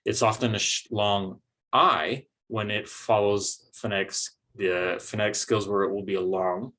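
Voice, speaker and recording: A man's voice: fairly low pitch, fairly even intonation, unhurried, a bit bright. A man teaching a recorded phonics lesson, explaining patiently step by step with some fillers.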